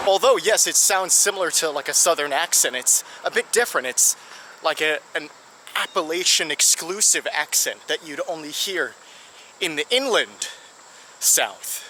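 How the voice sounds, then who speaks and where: A man's voice: a little high, expressive, moderate pace, pushed and bright, slight background noise. A man narrating a travel vlog, explaining sights and food with eager, guide-like enthusiasm. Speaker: travel vlogger.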